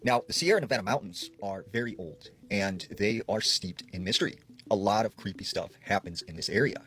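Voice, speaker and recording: A man casually retelling creepy campfire stories, dropping his voice to quote people. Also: brisk. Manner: relaxed retelling, quoting people in a lowered voice. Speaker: storyteller. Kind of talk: casual spoken storytelling.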